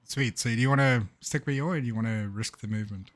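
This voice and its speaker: A man's voice: medium pitch, quick pace. A young man as game master, narrating a tabletop game in a loose, upbeat way with plenty of fillers.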